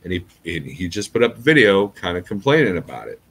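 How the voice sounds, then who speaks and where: A man's voice: deep voice, very animated, quick pace, fairly bright tone, slight background noise. A middle-aged man, a trucker, talking in a rambling casual vlog and often checking in with "okay?". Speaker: trucker YouTuber.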